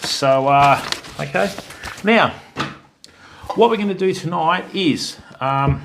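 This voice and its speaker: A man's voice: fairly high pitch, takes it slowly, gravelly, a bit bright, a little hiss or hum. An Australian man hosting a casual live stream, chatting to viewers and calling them mate and bud. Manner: friendly, greets viewers by name, calls people mate and bud. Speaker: fishing stream host.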